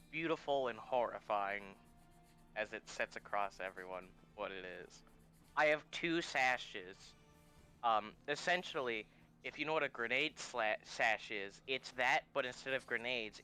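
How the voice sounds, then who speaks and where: A man playing a tabletop game, describing his character with animated, playful storytelling. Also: medium pitch, clear, resonant tone. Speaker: player.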